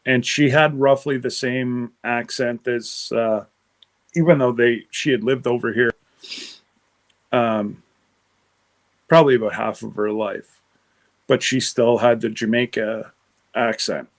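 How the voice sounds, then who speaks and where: Male livestream host from Canada; unhurried, rambling chat with viewers, mid-range voice. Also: medium pitch, fairly even intonation. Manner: rambling, answers live chat comments aloud.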